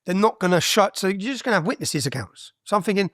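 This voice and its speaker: A man's voice: sits high, expressive, fast talker, fairly bright tone, no echo, clean studio sound. A man, a guest on an interview podcast, telling his story bluntly and with energy, with frequent "yeah?" tags and some swearing.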